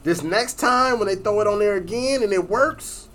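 A man in casual chat, talking in an animated, profane way and mimicking voices when he quotes people. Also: sits high, normal speed.

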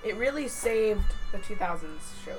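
A woman in casual chat, relaxed and opinionated. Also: mid-range voice, moderate pace, over music.

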